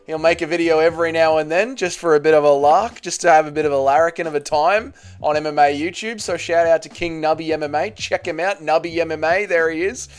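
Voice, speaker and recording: A man's voice: a little high, fast, few pauses, clear, resonant tone. An Australian man hosting a live stream, chatting casually, reading chat aloud and swearing freely.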